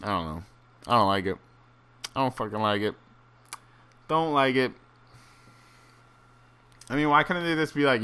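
A man's voice: mid-range voice, big pitch swings, normal speed, pauses often, sharp tone, clean tone. A man rambling through a casual, profane solo monologue with many fillers and restarts, turning incredulous and ranting at times. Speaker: solo fight commentator.

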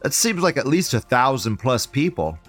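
A man's voice: mid-range voice, very animated, normal speed, a bit bright, soft background music. Profane, sarcastic male livestream host. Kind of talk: live commentary reading chat.

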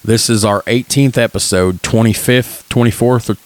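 A man's voice: mid-range voice, fairly even intonation, moderate pace, no room sound. A man in his thirties co-hosting a podcast in casual chat, joking and rambling, often slipping into voices to tell a story. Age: 30s. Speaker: podcast co-host.

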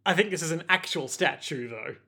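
A man's voice: a little high, expressive, brisk, gravelly, bright, forceful tone, husky. A man co-hosting a casual podcast, recapping anime episodes with frequent laughter. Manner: laughs often, jokey recaps. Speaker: podcast co-host.

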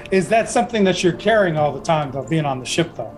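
A man's voice: fairly high pitch, animated, quick pace, soft background music, poor audio. A man narrating as game master of a tabletop game, rambling with lots of restarts. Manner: rambling, full of fillers and restarts.

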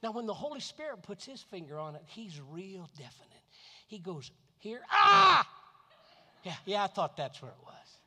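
A man from Florida preaching a sermon, animated, who often repeats words and acts out voices. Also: sits high, fairly quick. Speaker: pastor. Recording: long reverb of a hall.

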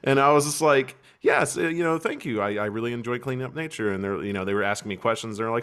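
A man's voice: medium pitch, fast talker, few pauses, clean tone. A young American man from Kentucky, chatting casually as a podcast co-host and acting out quoted voices as he tells stories. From Kentucky, USA. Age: young adult. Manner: animated storyteller, acts out quoted voices, swears casually. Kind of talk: casual chat.

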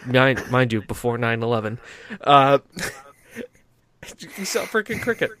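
A man hosting a podcast, chatting casually in an animated, sweary way with frequent restarts. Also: mid-range voice, a little slow. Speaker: podcast host.

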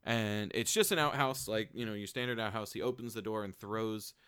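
A man casually retelling a strange movie, animated, with plenty of ums, likes and swearing. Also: lowish voice, a little fast, smooth, dry recording, clean studio sound.

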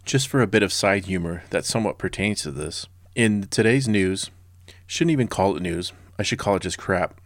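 Brief: a low-voiced man in his forties, a history podcast host, blunt and sarcastic, in a dry, close recording. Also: expressive, fairly quick, hardly any pauses, no room sound. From Southern California. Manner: sarcastic and blunt, with casual personal asides.

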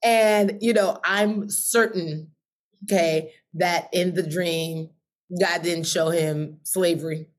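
A woman telling a personal story as an interview guest, animated, laughing often and acting out her past thoughts in quick voices. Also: on the low side, slight background noise.

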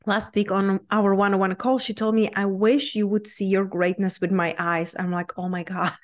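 A woman with a Czech accent hosting her own podcast as a business coach, talking in an upbeat, earnest, motivational way. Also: medium pitch. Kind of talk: solo podcast talk.

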